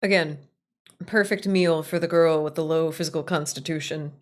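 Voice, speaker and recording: Self-mocking woman streamer, low voice. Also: steady tone, moderate pace. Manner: loose, swearing, self-mocking. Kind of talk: casual game stream chat.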